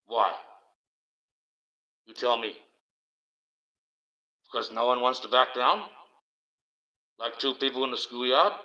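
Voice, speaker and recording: A man hosting a livestream alone, rambling and swearing in loose casual banter into a low-placed mic. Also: bright, forceful tone. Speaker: livestream host. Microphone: low-placed desk mic. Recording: dull lo-fi stream audio.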